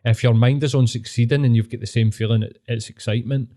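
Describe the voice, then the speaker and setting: A man's voice: mid-range voice, steady tone, fast talker, warm tone. A man with a Glaswegian Scottish accent, a podcast guest talking earnestly and reflectively, swearing and saying "mate" a lot. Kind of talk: casual podcast chat.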